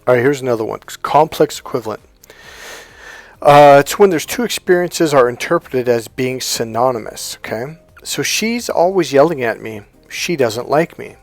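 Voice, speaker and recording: Middle-aged guy coaching, chatty, does little voices for quotes, soft music behind. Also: mid-range voice, animated, moderate pace, no room sound. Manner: conversational, acts out quoted dialogue. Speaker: life coach and NLP trainer. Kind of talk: informal teaching monologue.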